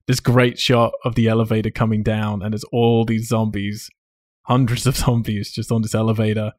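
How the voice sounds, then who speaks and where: A man hosting a casual film discussion, animated and laughing often, swearing casually. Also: fairly low pitch, moderate pace, no room sound, clean studio sound. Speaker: podcast host.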